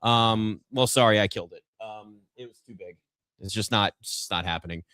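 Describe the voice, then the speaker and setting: A man's voice: on the low side, fairly quick, pushed and bright, clear, resonant tone, no echo. A man hosting a live basketball draft show from a garage set, chatting casually and rambling with self-deprecating asides. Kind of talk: casual live sports chat.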